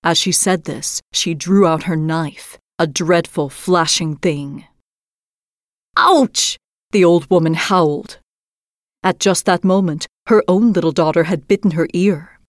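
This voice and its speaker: A woman host narrating a fairy tale in a measured, expressive scripted reading. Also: lowish voice, no room sound, studio quality. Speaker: storyteller host.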